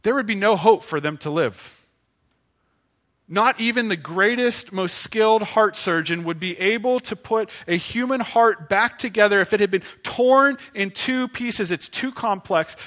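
A man preaching a sermon as pastor, earnest and pleading, slowing for emphasis and dropping to a hush. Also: high-pitched.

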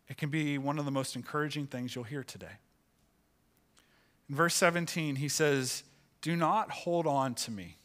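A male pastor preaching from the pulpit of a church. His voice sits a little high for a man, and he takes his time, drawing words out slowly. He builds a line dramatically, then lets key words fall to a near hush. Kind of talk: sermon.

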